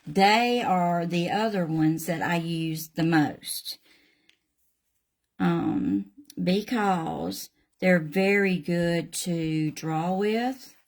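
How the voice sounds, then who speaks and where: This is an older woman with a Southern drawl who talks slowly and unhurriedly. Her voice sits a little low, and she chats in a folksy way as she walks viewers through a craft demo. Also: animated, darkish tone. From Southern United States. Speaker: craft channel host. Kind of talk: casual live painting demonstration.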